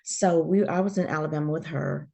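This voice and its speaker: Low gravelly woman telling her story. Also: a little fast. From Georgia, USA. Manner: animated storyteller who acts out quoted voices. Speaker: guest. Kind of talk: casual storytelling interview.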